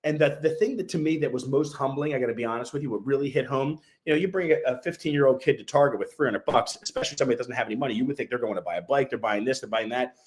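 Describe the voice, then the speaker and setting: A man from the Philadelphia area hosting a podcast in a studio, talking fast with many fillers and restarts. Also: medium pitch. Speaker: brokerage owner and podcast host. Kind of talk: casual podcast chat.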